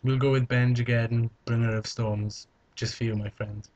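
A man's voice: mid-range voice, level tone, moderate pace, a little mellow. A young man vlogging casually, answering viewer questions in a joking, playful way. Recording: slightly dull lo-fi recording.

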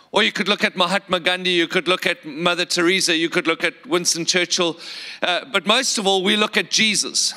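A man's voice: high-pitched, bright, forceful tone. A man with a South African accent preaching a sermon earnestly, with repeated words and rhetorical questions. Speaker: pastor.

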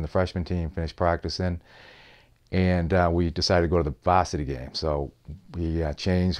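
A man recalling a story from his playing days, acting out the dialogue as he tells it. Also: low-pitched. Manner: animated anecdote telling with quoted dialogue. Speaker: former player telling a story. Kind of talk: storytelling interview.

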